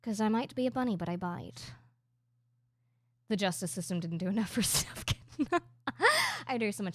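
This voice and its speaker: A young adult woman streaming a game, chatting playfully and reading chat aloud, sometimes softening into a quiet mock accent. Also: mid-range voice, brisk, no room sound. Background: game music playing.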